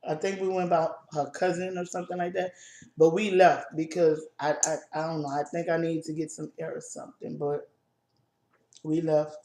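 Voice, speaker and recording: A woman co-hosting a casual chat video, telling a personal family story in a halting, emotional way with many restarts. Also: sits low, dark tone, roomy sound. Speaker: co-host.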